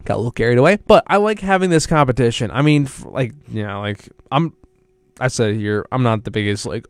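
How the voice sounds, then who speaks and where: A man's voice: mid-range voice, lively intonation, fast, clean tone, no echo. Young male college radio sports host, rambling and self-correcting, dry close mic. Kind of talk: casual solo sports talk.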